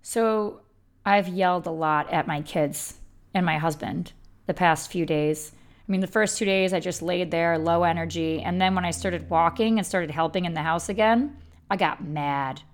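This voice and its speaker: Candid, gently reflective woman with a low voice. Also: moderate pace. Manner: candid and gentle, with casual swearing. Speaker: belly dancer sharing self-healing practice. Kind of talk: reflective self-help talk.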